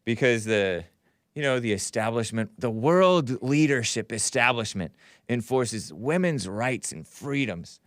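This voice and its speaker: Sardonic male talk host, smooth dry voice. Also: medium pitch, expressive, unhurried, fairly bright tone, dry recording. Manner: sardonic, mocking, laughs at his own remarks. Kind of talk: casual monologue commentary.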